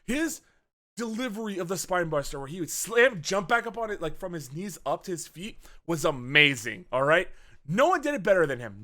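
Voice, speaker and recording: A man talking through a movie on a casual podcast, his voice bright and forceful. His pitch jumps up and down a lot as he gets into it. He swears freely and slips into quick voices for the characters. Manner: animated, swears often, acts out scenes with quick voice changes. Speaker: podcast co-host. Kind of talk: casual movie review chat.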